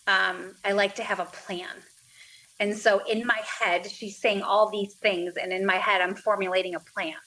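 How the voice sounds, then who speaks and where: A woman in her thirties tells her own story as a podcast guest. She speaks plainly and earnestly, voicing the people she talked to along the way. Her voice sits in a middle pitch. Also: pushed and bright, poor audio. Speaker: guest, mother of two. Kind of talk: personal story in a podcast interview.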